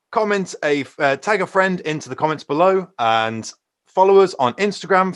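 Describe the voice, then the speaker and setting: A man hosting an interview, asking questions in a relaxed way with some hesitations and fillers. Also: a little high, clean tone. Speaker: interview host. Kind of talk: casual interview chat.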